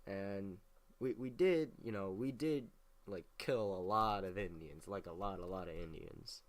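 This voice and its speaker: Brief: young male host, lowish voice, rambling, swears a lot, loose casual history recap. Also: unhurried. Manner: rambling, profane, heavy use of filler words.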